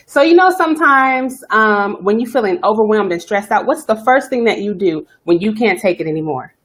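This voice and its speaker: Fast-talking woman coaching on a live stream. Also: mid-range voice, lively intonation, a bit bright. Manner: fast-talking, chatty, greets viewers by name. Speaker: self-care coach hosting a live stream. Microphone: webcam or phone live stream.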